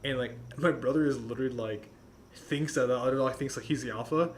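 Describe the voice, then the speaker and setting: A man's voice: mid-range voice, fast talker, slight background noise. A young man casually telling rambling, profane stories on a podcast and laughing often. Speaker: podcast host.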